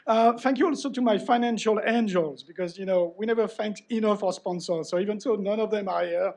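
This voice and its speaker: A middle-aged man with a French accent gives a live acceptance speech, joking at his own expense as he thanks people by name. His voice sits fairly high for a man. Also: a little fast, a little mellow. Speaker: award recipient giving a speech.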